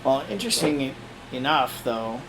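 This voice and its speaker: A man's voice: mid-range voice, lively intonation, moderate pace. A man co-hosting a podcast, chatting casually about beer with an easygoing manner and dry jokes. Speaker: podcast co-host. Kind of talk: casual chat while tasting beer. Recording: noisy room with air conditioner hum.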